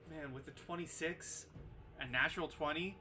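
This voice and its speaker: A man's voice: fairly high pitch, sharp tone, a little hiss or hum. Man narrating as game master. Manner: measured, descriptive narration.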